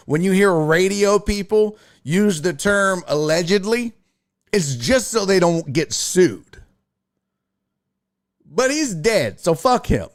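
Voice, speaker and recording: A man hosting a casual sports talk stream, reading chat aloud and giving blunt, profane, mocking takes. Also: high-pitched. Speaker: streaming sports show host.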